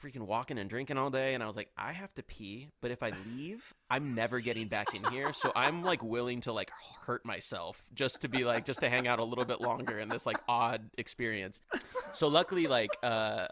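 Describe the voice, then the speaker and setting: A man's voice: medium pitch, fairly quick, background noise. A young man telling a long, rambling story on a podcast, filling it with "like" and acting out what people said. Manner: rambling, heavy on "like", acts out quotes. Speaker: podcast guest. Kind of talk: casual storytelling.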